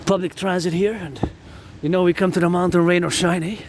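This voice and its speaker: Man, high voice, rambling, repetitive, outdoors in the rain, faint background noise. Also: level tone, fairly quick. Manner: rambling, repetitive, chants in bursts. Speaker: vlogger. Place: outdoors walking up a mountain in rain.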